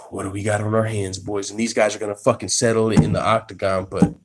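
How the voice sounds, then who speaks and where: Excitable slangy man hosting an MMA stream. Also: lowish voice, fairly quick, very noisy. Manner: profane slangy storytelling; excitable, restarts sentences. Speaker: MMA channel host. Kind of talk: casual live-stream reaction. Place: at his workplace.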